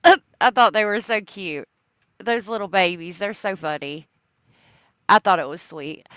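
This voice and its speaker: A woman's voice: medium pitch, slow, fairly bright tone, clear, resonant tone, dry recording. A woman hosting a casual true crime livestream, chatting with viewers and laughing often.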